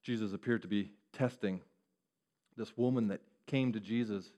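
A man preaching a sermon who keeps asking the listeners questions and moves between hushed and raised delivery. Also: on the low side, normal speed. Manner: asks the listeners rhetorical questions.

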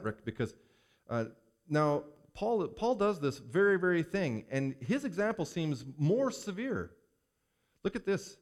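A man preaching a sermon as a pastor, reading scripture aloud and commenting on it with animated emphasis. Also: a little high. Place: church.

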